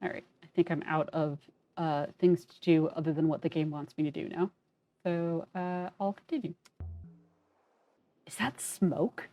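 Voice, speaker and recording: A woman's voice: low-pitched, steady tone, moderate pace, muffled recording. A woman casually commenting while playing a story game, chatty, wry and self-deprecating. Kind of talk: casual let's-play commentary and character reading.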